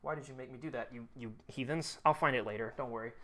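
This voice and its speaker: A man's voice: mid-range voice, fast, fairly bright tone. Rambling, chatty male streamer. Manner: rambling, chatty, many fillers and restarts. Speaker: live streamer. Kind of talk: casual live stream chat.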